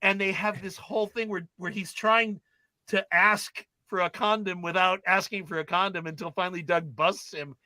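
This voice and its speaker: A man's voice: sits high, steady tone, moderate pace, bright, forceful tone, dry recording. A man retelling film scenes in casual chat, acting out the characters' lines as he goes. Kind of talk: animated storytelling in casual chat.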